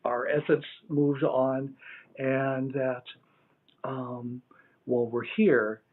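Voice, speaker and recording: A man's voice: mid-range voice, flat delivery, drawn-out words. A middle-aged man telling personal stories as an interview guest, rambling and reflective with many fillers. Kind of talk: casual storytelling interview. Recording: tinny phone-like line.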